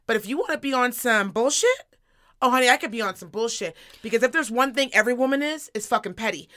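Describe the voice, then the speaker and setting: A woman's voice: on the high side, animated, quick pace, a bit bright. A woman co-hosting a podcast in casual chat, blunt, emphatic and full of profanity. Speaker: podcast co-host.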